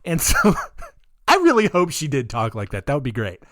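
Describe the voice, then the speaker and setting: A man's voice: fairly high pitch, huge pitch swings, normal speed, fairly bright tone, no room sound, clean studio sound. A man hosting a podcast, casually telling a story with sarcasm, laughter and mocking put-on voices. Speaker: podcast host.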